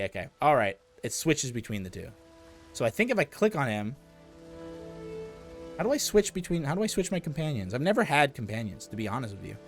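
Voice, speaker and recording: Male streamer, mid pitch, casual excitable commentary, faint music bed. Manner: excitable, swears, reads game text aloud.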